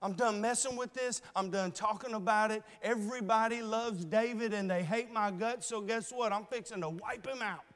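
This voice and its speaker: A man's voice: high voice, moderate pace, hardly any pauses, a bit bright, long reverb tail. A preacher voicing a jealous, bitter old king. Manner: bitter, fed up.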